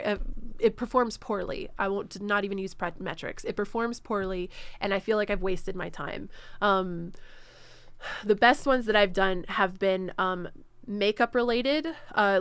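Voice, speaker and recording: A woman's voice: mid-range voice, a bit bright, smooth, no echo. A woman streamer answering viewer questions in a casual live Q&A, full of ums and self-corrections. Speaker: streamer hosting a Q&A.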